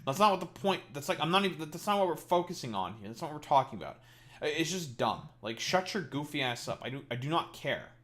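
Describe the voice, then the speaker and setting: A man's voice: on the high side, very animated, fast, fairly bright tone. A man streaming a game live, talking casually and ranting profanely at his chat.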